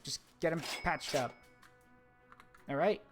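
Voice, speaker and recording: A man's voice: fairly high pitch, slow pace, soft background music. A man streaming a game, chatting casually with his viewers as he works. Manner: chatty, talks to chat while working, hums tunes. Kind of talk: casual gameplay commentary.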